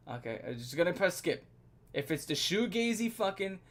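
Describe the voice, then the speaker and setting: A man's voice: a little high, fast. Profane, ranting streamer man. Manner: profane, excitable ranting with bursts of laughter. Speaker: streamer reacting to an album. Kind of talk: live music reaction stream.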